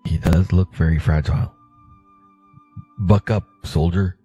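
A man's voice: sits low, steady tone, unhurried, mellow, breathy edge, dull audio, soft background music. A man playing a tabletop game, joking around with stammering restarts. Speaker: player. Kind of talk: casual tabletop play.

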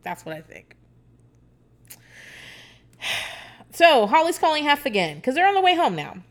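A young woman from Virginia hosting a podcast, chatting casually, cursing freely, laughing a lot and acting out quotes in a high voice. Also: sing-song, unhurried. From Hampton Roads, Virginia. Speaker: podcast host. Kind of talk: casual storytelling chat.

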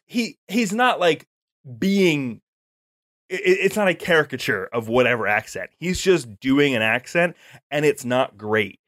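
A man's voice: fairly high pitch, big pitch swings, measured pace, a bit bright, no echo, studio quality. A man co-hosting a casual podcast chat, talking with enthusiasm, rambling through fillers and restarts as he reviews a show. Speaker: podcast co-host.

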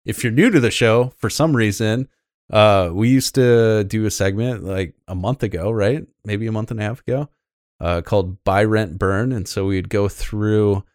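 Low-voiced rambling podcast host. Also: male voice, normal speed, darkish tone, no echo, clean studio sound. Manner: rambling, with many fillers and restarts. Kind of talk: casual podcast chat.

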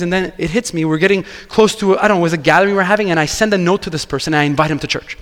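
High-voiced pastor preaching. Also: male voice, very fast, hardly any pauses, long reverb tail. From Quebec. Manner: animated storytelling, acting out dialogue. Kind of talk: sermon.

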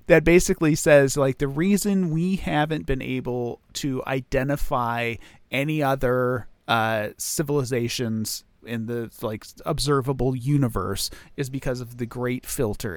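A man's voice: medium pitch, dry recording. A man co-hosting a podcast in casual chat, rambling with restarts and laughing easily. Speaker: podcast co-host.

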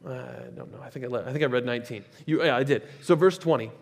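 A male pastor preaching a sermon in a conversational, animated way, with chatty asides. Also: mid-range voice, fast talker. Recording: echoey hall with long reverb.

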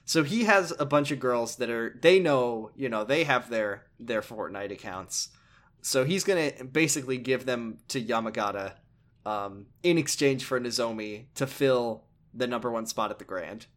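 A man's voice: medium pitch, normal speed, a bit bright. Young guy chatting thru a game story, rambly and jokey, mid voice. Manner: rambling, joking, with many restarts. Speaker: game commentator. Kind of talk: casual game recap chat.

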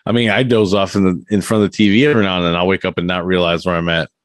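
A man's voice: deep voice, steady tone, very fast, no room sound, clean studio sound. A man chatting casually on a podcast, musing with wry asides. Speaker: podcast co-host. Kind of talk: casual chat.

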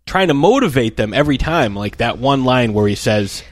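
A man's voice: medium pitch, animated, normal speed, no echo. Enthusiastic man in casual chat.

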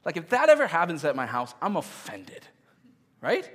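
A man's voice: on the high side, huge pitch swings, moderate pace. A man in his thirties preaching a sermon in a casual, conversational way, with self-deprecating humor. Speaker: pastor. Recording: long hall reverb.

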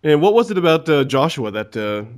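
A man's voice: a little high, sing-song, fairly quick. A man co-hosting a podcast, asking a guest a question casually. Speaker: podcast co-host.

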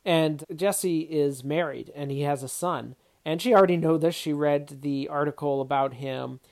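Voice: medium pitch, moderate pace, gravelly, darkish tone. A film reviewer talking casually through a movie's story, reflective and thinking aloud with occasional restarts. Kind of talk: casual spoken film commentary.

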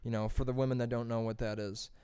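Fast and medium-pitched, a young man's voice comes through clean with no echo. Chatting casually on a podcast, he spins a long, profane, rambling tale, getting animated whenever he quotes and acts out what others said.

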